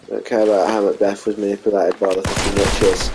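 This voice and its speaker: Rambling, swearing young Englishman, low voice. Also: little pitch movement, fast, background noise. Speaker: vlogger. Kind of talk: casual rant.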